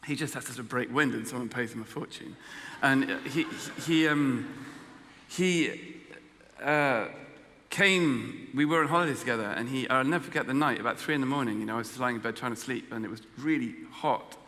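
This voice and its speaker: An English man tells a personal story in a halting, self-mocking way, often stopping to restart his sentences. His voice is bright and forward. The talk carries a long reverb, as if recorded in a large hall. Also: medium pitch. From England. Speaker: guest speaker.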